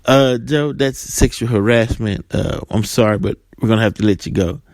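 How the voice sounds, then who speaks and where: A man voicing a stern male supervisor who speaks flatly and matter-of-factly. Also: on the low side, moderate pace, no echo, clean studio sound, natural voice.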